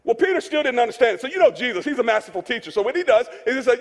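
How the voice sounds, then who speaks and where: High-voiced pastor in a reverberant hall. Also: male voice, big pitch swings, racing. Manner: conversational, joking, repeats key phrases for emphasis. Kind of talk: sermon. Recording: long reverb of a large hall.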